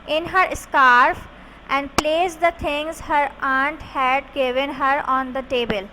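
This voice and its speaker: A woman English teacher reading a story aloud to her class, slowly spelling words out letter by letter. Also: high voice, fairly even intonation, background noise. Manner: slow and deliberate.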